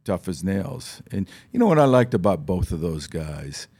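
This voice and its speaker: A man in his fifties from Ohio, a studio guest telling animated stories on a talk show and acting out the voices he quotes. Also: low-pitched, normal speed, slightly rough. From Ohio, USA. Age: 50s. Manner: animated storyteller who acts out quoted voices. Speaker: studio guest, former football player. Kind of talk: casual talk show storytelling. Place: radio studio.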